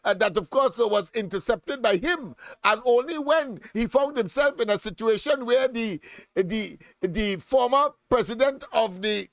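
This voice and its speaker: Male host, high voice, halting filler-heavy political commentary, dry sound. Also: no echo. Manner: halting, full of "uh" and "of course" fillers.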